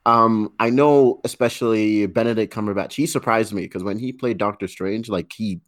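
A man's voice: on the low side, normal speed, dry recording, studio quality. A man co-hosting a casual movie review podcast, chatty and upbeat, laughing often. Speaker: podcast co-host.

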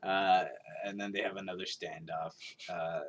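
Male co-host, lowish voice, halting delivery with repeated words and near-whispered asides. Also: little pitch movement. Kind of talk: casual film discussion.

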